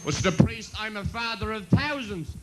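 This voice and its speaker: A man's voice: high voice, moderate pace, poor audio. A man doing bawdy stand-up jokes on stage, chuckling at his own punchlines. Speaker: comedian and compere.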